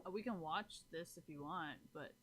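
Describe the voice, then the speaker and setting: There's background noise as a woman with a deep voice talks at a normal speed to her livestream chat. She's blunt and ranting, swears freely, and repeatedly checks in to ask if viewers follow her.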